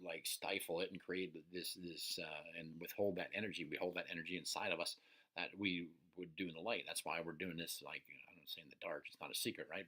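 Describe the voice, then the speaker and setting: Man, very low voice, forceful edge, casual profane coaching talk. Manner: casual and profane, keeps asking "right?". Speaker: personal development coach. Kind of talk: unscripted teaching talk.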